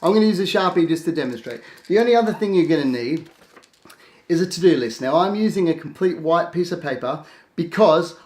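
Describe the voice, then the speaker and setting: A man teaching a productivity tip in a casual, lively way, acting out his own thoughts in quick asides. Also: on the high side. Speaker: productivity coach. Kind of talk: casual instructional talk to camera. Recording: echoey room.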